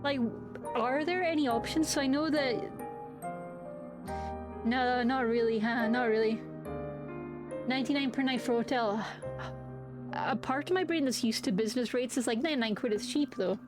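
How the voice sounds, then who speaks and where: A young woman chatting casually with her viewers, bubbly and giggly. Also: on the high side. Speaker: streamer. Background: background music.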